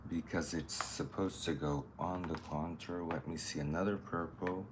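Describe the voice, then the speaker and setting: A man's voice: deep voice, fairly even intonation, normal speed, hardly any pauses, slight background noise. A man chatting casually while doing a makeup tutorial, thinking aloud as he works and greeting viewers. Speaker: makeup artist.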